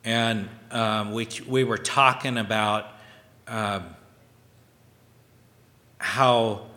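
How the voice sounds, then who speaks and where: Slow, halting man preaching in a reverberant hall. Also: lowish voice, steady tone, sharp tone. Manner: slow and halting, reads scripture aloud. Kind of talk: scripture sermon.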